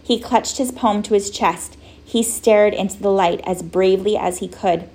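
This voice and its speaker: A woman narrating a children's storybook in a gentle, wry way. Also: medium pitch, normal speed. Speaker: audiobook narrator.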